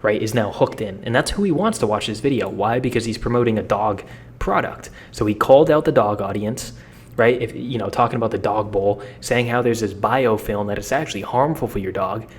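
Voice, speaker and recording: A man's voice: on the low side, a little fast, slightly rough. Blunt, slangy young man coaching. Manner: energetic, blunt and slangy, with frequent repeats. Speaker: social media coach. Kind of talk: casual how-to talk.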